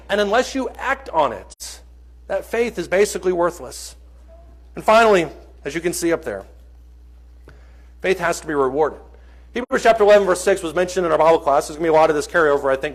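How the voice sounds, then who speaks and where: A man preaching a sermon in church, earnest and emphatic, reading scripture and stopping to correct himself with small jokes. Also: high-pitched.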